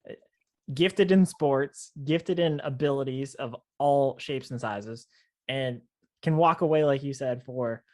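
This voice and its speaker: A man's voice: medium pitch, a little slow, darkish tone. A man with a mid-range, ordinary voice who co-hosts a podcast. He keeps the conversation easygoing and chatty, with a light teasing edge. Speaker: podcast co-host. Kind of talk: casual chat.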